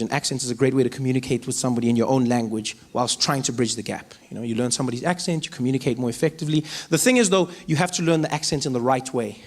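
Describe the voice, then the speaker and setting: A South African man doing stand-up comedy, animated, slipping into acted voices and accents. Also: mid-range voice. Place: stage. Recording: live stand-up with audience noise.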